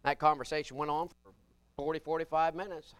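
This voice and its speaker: Preacher guy, high clear voice, jokey folksy sermon, gets loud then drops way down. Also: steady tone, a little fast, no echo. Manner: folksy and humorous, swings between loud emphatic bursts and quiet asides.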